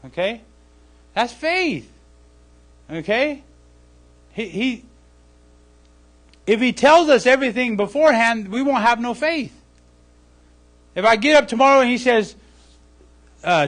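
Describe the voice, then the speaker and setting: A man's voice: very high-pitched, unhurried, long pauses. A man pastor teaching in a live church service, acting out little scenes and checking in with the listeners by asking "okay?" again and again. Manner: animated, acts out scenes, asks "okay?" often.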